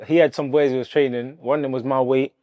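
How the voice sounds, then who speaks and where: A man, a boxer telling stories of his career in a relaxed, chatty way. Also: medium pitch, fast talker. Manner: relaxed, chatty storytelling with slang and laughs. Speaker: professional boxer. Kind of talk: interview and gym banter.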